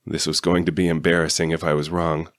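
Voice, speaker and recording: Low-voiced man narrating an audiobook. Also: a little fast, dry recording, studio quality. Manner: steady storytelling. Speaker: audiobook reader. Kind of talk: first-person audiobook narration.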